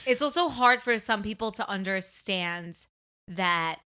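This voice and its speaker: A woman chatting casually on a talk show in a bright, clear voice. She teases her co-host and laughs easily. Her talk is relaxed and informal. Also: medium pitch, measured pace. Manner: teasing, laughs often. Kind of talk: casual chat.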